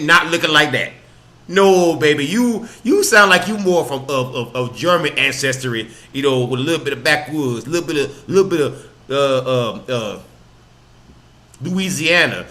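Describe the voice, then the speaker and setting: Lively high-voiced mocking male host. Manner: laughing, mocking, profane. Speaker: podcast host. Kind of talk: live reaction commentary.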